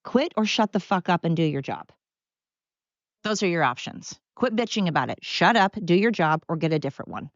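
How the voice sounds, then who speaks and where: An older woman with a fairly low voice rants on her solo podcast, blunt, sarcastic and fired up. The sound is dry and close but dull, like a muffled home recording. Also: lively intonation, fairly quick, dry recording. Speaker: podcast host.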